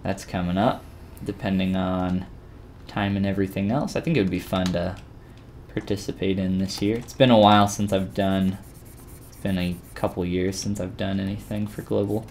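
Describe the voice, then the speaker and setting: Deep-voiced man chatting through a live sculpting tutorial. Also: moderate pace, a little hiss or hum. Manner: relaxed, rambling, with frequent fillers and restarts. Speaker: 3D sculpting instructor streaming live. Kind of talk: casual live-stream tutorial, chatting with viewers while working.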